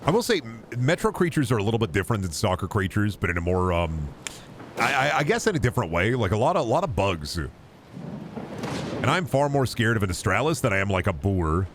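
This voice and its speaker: A young man casually commenting on his gameplay, joking and breaking into sudden high yelps and shouts. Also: sing-song, brisk, slight background noise. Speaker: gaming streamer.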